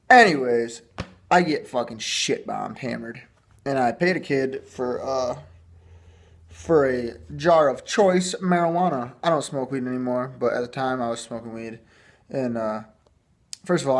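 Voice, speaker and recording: A young man from Michigan rambles through a story for his vlog, swearing freely as he goes. His voice sits at an ordinary middle pitch, and he slips into the quoted lines of everyone in the story. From Michigan, USA. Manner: profane, rambling, acts out the cops in a higher pitch. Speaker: vlogger. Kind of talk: casual storytelling monologue.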